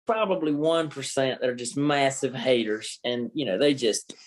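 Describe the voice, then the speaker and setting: A man's voice: medium pitch, moderate pace. A man from Georgia with a Southern accent, telling stories candidly as a guest in a casual podcast interview. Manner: candid, animated storyteller.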